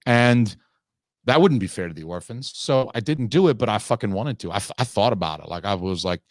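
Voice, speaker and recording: A man's voice: on the low side, lively intonation, a little fast, no echo, studio quality. A man hosting a podcast, telling a long, profane, ranting story in casual chat. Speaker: podcast host.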